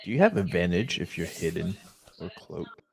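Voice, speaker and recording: A man playing a tabletop game, speaking in a hesitant, halting way as he declares his actions. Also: low-pitched, sing-song, vocal fry. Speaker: player.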